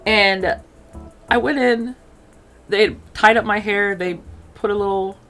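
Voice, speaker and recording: A woman chatting casually as she tells a personal story, full of fillers, acting out quotes in an animated way. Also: mid-range voice, slow pace, soft background music. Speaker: streamer telling a personal story.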